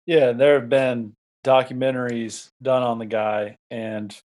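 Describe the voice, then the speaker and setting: A man co-hosting a sports podcast, talking in a measured, hesitant way. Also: mid-range voice, level tone, a little mellow. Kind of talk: casual sports chat.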